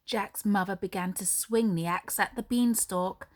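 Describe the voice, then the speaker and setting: A woman teacher, reading a storybook aloud for young children in a slow, expressive way with dramatic pauses. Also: mid-range voice.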